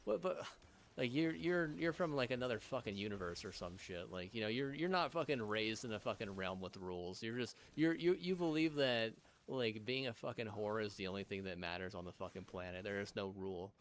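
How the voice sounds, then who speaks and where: A man's voice: on the low side, lively intonation, fairly quick, slight background noise. A man streaming, in a rambling rant full of swearing, restarts and filler words.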